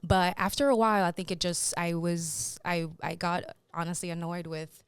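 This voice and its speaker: Low, smooth-voiced woman from Haiti. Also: level tone, moderate pace, dry recording. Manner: earnest and reflective. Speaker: guest. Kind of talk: casual interview chat.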